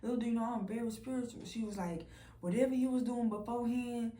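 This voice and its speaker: Young woman with telling viewers a story, kinda far from the mic in a roomy space with faint hiss. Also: fast talker. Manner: animated, quotes others in a low voice, profane. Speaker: vlogger. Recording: roomy and distant from the mic, faint background noise.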